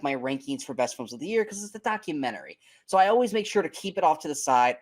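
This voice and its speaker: Animated, cursing male movie podcast co-host. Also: on the high side. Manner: animated and emphatic, swears freely, stumbles over words. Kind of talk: casual movie review chat.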